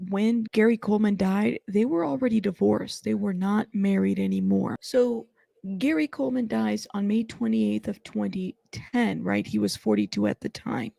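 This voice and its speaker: Gravelly-voiced woman true-crime host. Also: mid-range voice, mellow, no echo. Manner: casual, conversational, asks "right?".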